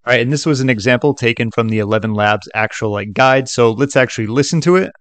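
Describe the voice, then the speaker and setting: A man's voice: medium pitch, fast talker, a bit bright, no room sound. Chatty man in a dry close recording. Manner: loose and chatty, many fillers like "like" and "okay". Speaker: tutorial host. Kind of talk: casual screen-recorded tutorial.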